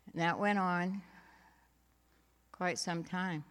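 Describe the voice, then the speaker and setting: A woman gives her faith testimony, telling her story slowly and taking her time. She talks in a homey, unhurried way, with light laughs and asides mixed in. Her voice rings out with a long reverb, as in a large hall. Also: fairly low pitch, fairly even intonation, fairly bright tone. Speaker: church speaker giving a testimony.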